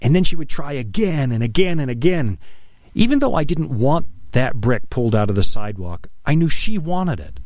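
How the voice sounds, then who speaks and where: A middle-aged man preaching an earnest, emphatic radio sermon, dropping his voice low on key phrases. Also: very animated, moderate pace, darkish tone, dry recording. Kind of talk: broadcast sermon.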